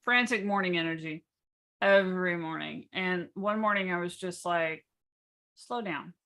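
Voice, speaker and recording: Calm, low-voiced woman coach. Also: moderate pace. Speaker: business coach. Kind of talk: casual workshop teaching.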